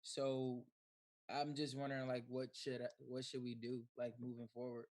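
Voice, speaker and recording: A man's voice: mid-range voice, monotone, moderate pace, darkish tone. Man caller, hesitant, likes fillers, mid voice. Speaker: caller asking a question. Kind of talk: casual question on a video call. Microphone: video call.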